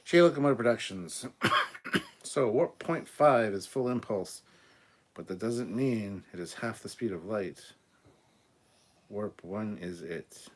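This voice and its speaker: A man hosting a live stream, reading out viewer comments and giving blunt, opinionated answers, often clearing his throat and stumbling over words. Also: on the low side, lively intonation, slow pace, long pauses. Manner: blunt and opinionated, swears casually. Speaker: host of a live show.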